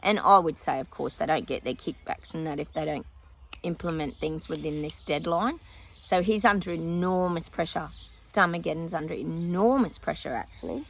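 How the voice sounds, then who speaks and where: Gravelly woman psychic vlogger. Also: sits low, animated, moderate pace. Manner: chatty, breaks off to talk to her dog. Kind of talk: casual predictions monologue. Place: outdoors with a dog nearby.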